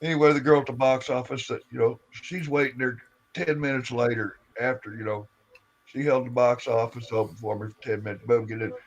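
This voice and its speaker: A man's voice: medium pitch, steady tone, fairly quick, lo-fi sound. A man on a live stream telling a long rambling story in casual chat, acting out the voices of the people in it and swearing as he goes.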